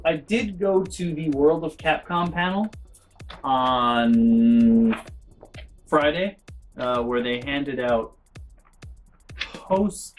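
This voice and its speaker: Rambling, animated male vlogger. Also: fairly high pitch. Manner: animated, acts out quoted voices, rambling asides. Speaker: convention vlogger. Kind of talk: casual storytelling vlog.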